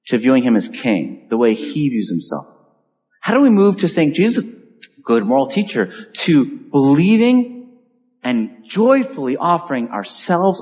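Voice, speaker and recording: A man in a church preaches in a chatty, storytelling way, slipping into little acted-out voices for the people in his story. His voice sits a bit high and rises and falls expressively. The sound rings out with a long hall reverb. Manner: animated, conversational storytelling with acted-out quotes. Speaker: pastor. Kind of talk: sermon.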